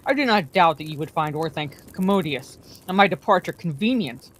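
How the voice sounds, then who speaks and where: A woman reading aloud, voicing a proud old male wizard with a shrill, cold, sneering voice. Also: expressive, fairly quick, a little hiss or hum. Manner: sneering, scornful.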